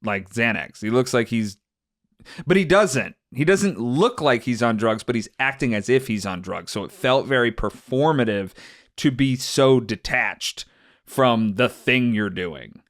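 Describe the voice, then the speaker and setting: A man's voice: mid-range voice, animated, a little slow, a bit bright, dry recording, clean studio sound. A man co-hosting a casual chat, rambling and filling his talk with likes and ums. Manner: rambling, lots of fillers. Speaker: podcast co-host.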